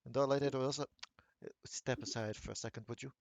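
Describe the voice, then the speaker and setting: Man playing a haughty ghost gent, mid pitch, dry close sound. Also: steady tone, a little fast, creaky, no room sound, lightly acted. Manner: haughty, clipped and disdainful. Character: posh stuffy male ghost gentleman, haughty.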